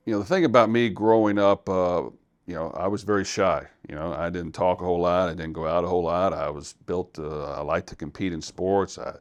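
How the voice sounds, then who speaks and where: A man's voice: low-pitched, fairly even intonation, a little fast, lo-fi sound. A man from Louisville who is a head football coach, talking earnestly and reflectively in a podcast interview. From Louisville, Kentucky.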